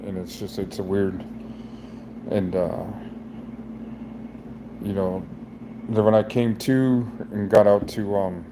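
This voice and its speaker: Halting, heartbroken middle-aged man. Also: on the low side, steady tone, background noise. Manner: halting, rambling, many restarts. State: emotionally raw, near tears. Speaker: vlogger. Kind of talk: emotional personal vlog.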